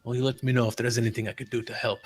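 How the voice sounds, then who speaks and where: A man voicing a weathered old former adventurer who speaks in a low, hushed, secretive way. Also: little pitch movement, racing, faint music behind, natural voice. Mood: guarded.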